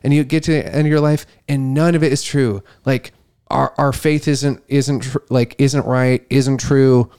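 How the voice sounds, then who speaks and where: A man co-hosting a faith podcast, talking casually and haltingly, restarting often and rising when he makes a point. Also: mid-range voice, steady tone, a little mellow, clean tone. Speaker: podcast co-host.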